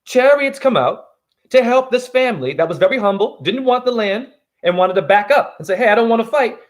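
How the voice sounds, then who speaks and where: A man delivers a fiery, profanity-laced monologue about spirituality. His voice is high and wildly animated. He lurches from loud outbursts to low, hushed asides. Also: moderate pace. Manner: heated, swearing, swings between loud and hushed. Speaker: spiritual vlogger.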